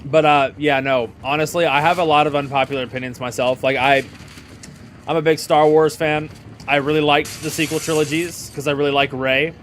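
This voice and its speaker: A man's voice: fairly high pitch, fairly even intonation, a little fast, a bit bright, slight background noise. A young man giving jokey, chatty commentary while streaming a video game. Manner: jokey, chatty, laughs often. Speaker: gaming streamer. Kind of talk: casual gaming commentary.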